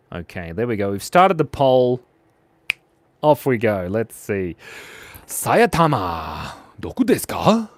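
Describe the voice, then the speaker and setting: A man's voice: medium pitch, no echo. A man hosting a live drawing stream, chatting playfully and reading out viewer comments as he draws. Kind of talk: casual live-stream chat while drawing.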